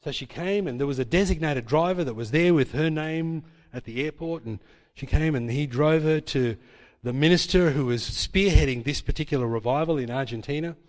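Pastor preaching in a reverberant hall. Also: male voice, a little high, fairly quick. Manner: emphatic, repeats points, tag questions. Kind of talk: sermon.

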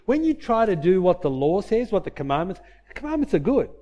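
A man pastor preaching a sermon, asking the congregation questions and answering them himself, and dropping to a soft, low voice for heartfelt points. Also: very animated, a little fast, lo-fi sound.

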